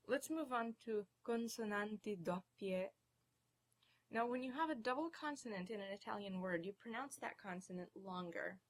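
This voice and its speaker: A woman giving a recorded beginner language lesson, speaking clearly and slowing down to model each example word. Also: mid-range voice. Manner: clear, measured teaching delivery, slowing for model words. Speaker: language teacher.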